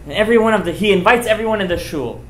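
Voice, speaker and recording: A man's voice: sits high, expressive, very fast, fairly bright tone, a little hiss or hum. Man, rabbi, informal sermon, emphatic storyteller, Hebrew and Yiddish terms, echoey room. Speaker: rabbi giving a Torah class.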